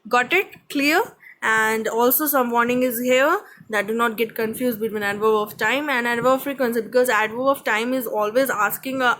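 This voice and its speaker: A woman's voice: on the high side, a bit bright, poor audio. A woman teacher with an Indian English accent giving a grammar lesson, explaining patiently and checking with "okay?" after each point.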